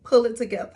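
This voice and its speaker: Animated woman venting a story. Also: fairly high pitch, slightly rough. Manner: animated and exasperated, repeats words, talks to viewer with "okay?". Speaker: vlogger telling a personal story. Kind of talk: casual storytelling to camera.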